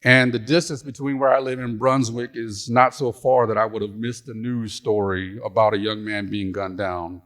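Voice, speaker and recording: A man's voice: lowish voice, a bit bright. A middle-aged man and retired pastor giving a storytelling conference lecture, folksy and humorous, on a stage mic. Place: conference hall.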